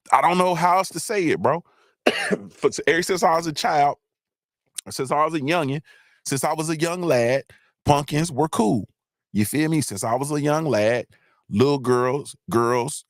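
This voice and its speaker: A man's voice: mid-range voice, no room sound, studio quality. A man hosting a live online show, ranting in a casual, profane, repetitive way. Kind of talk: casual comedic rant.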